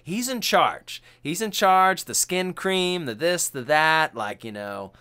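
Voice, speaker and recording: Man, podcast host, casual chat, excitable, profane, animated pitch, bright tone. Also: slow, smooth. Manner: excitable and profane, acts out film quotes.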